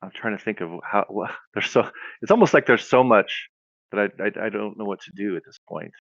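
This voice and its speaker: A man co-hosting a casual podcast, animated and easily amused, sometimes trailing off. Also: fairly low pitch, a little fast, creaky, no room sound, highs cut off. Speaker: podcast co-host. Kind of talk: casual chat.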